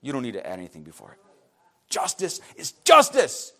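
Male preacher, wide-ranging animated delivery, passionate sermon with chatty asides. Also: mid-range voice, fairly quick. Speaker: pastor.

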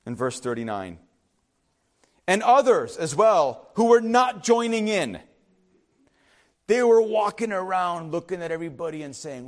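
Animated high-voiced man preaching. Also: normal speed. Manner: emphatic preaching, rising and dropping sharply; acts out skeptics in hushed asides. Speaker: pastor. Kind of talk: sermon.

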